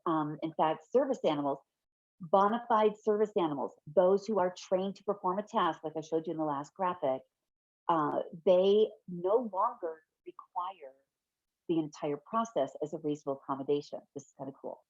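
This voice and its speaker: A middle-aged woman giving an online fair housing training from her home office, chatty and quick to laugh, often correcting herself mid-sentence. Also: fairly low pitch, a little mellow, no room sound. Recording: dull, lo-fi webinar audio.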